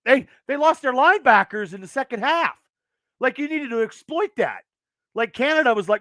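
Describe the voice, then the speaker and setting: Man, home livestream host, high-pitched, bright, agitated, profane, rapid rants. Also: very animated, no echo, studio quality. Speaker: podcast host. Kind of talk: angry sports rant to live chat.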